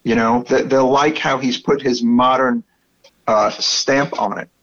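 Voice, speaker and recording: Brooklyn guy, casual chat, excited and profane, dull lo-fi mic. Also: mid-range voice, a little slow. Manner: enthusiastic, swears freely, rambling with restarts.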